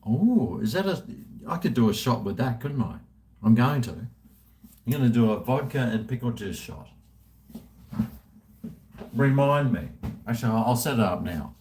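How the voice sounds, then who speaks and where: A man's voice: medium pitch, sing-song, measured pace, pauses often, darkish tone. A man in his late fifties, chatting casually and self-mockingly on a livestream from home. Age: 50s. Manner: chatty, self-mocking, talks to himself while drinking. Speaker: livestream host. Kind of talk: casual rambling livestream chat. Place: at home indoors.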